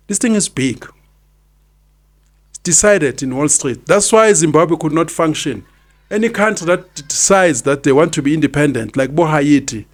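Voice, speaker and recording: A South African man in his fifties hosting a podcast, giving opinionated commentary and hammering home his points by repeating them. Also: a little high. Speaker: podcast host.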